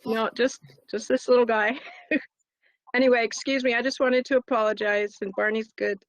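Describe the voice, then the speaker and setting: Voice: medium pitch, steady tone, normal speed, dry recording, rough recording. A student in an online language class, chatty and apologetic. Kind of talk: casual chat.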